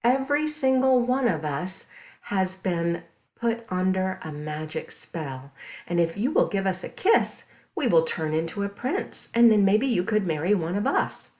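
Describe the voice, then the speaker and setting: A woman's voice: mid-range voice, expressive, measured pace, a little mellow, natural voice. A woman voicing a group of enchanted pond frogs who eagerly coax a princess in a children's story. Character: pond frogs offering a magic deal.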